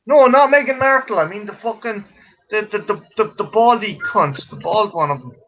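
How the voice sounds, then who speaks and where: An Irish man with a high, bright voice chats casually with a friend, swearing freely and joking around. The recording sounds dull and lo-fi. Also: moderate pace. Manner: swears a lot, jokey, frequent laughter. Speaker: friend in a chat. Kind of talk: casual chat.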